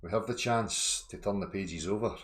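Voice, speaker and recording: A man hosts a casual live stream in a fairly low voice. He rambles earnestly and informally, full of fillers. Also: moderate pace.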